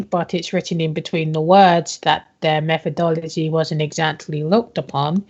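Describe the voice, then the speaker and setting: A woman playing a tabletop role-play over voice chat, explaining in a measured, thoughtful way with pauses. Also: sits low, a little mellow, highs cut off.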